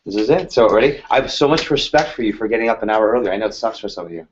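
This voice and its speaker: A man in his thirties delivers a rapid-fire motivational workshop to a sales team, his fairly low voice lively in intonation. He's casual and energetic, throwing rhetorical questions at everyone, in slightly muffled lo-fi audio with a bit of background noise.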